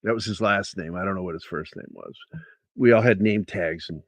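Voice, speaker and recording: A man's voice: deep voice, a little fast, no room sound. A man, a comic book artist, telling an anecdote casually with profanity and restarts in a livestream interview. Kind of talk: casual storytelling.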